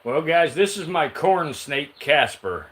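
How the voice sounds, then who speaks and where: A man's voice: on the high side, expressive, takes it slowly, fairly bright tone. A man streaming live with his reptiles, chatting casually with viewers and teasing his snakes like buddies.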